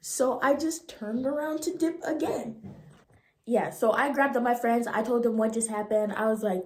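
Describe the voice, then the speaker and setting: Brief: a slangy young woman in her twenties telling a story, voice a bit high, in a roomy room. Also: moderate pace. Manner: animated and slangy, acting out the voices. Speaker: vlogger. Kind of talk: storytime vlog. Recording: roomy echo.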